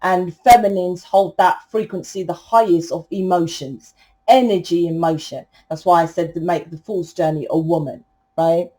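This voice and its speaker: Brief: outspoken woman tarot reader, mellow dark tone, swears freely, lectures with force. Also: lowish voice, fairly even intonation, moderate pace. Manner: blunt, swearing, preachy, emphatic. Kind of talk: collective tarot reading.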